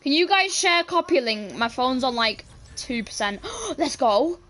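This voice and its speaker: A young British woman streaming a team game and chatting with her teammates, with sudden shouts and playful swearing. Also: high-pitched, lively intonation, measured pace. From Britain. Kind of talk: live gameplay chat.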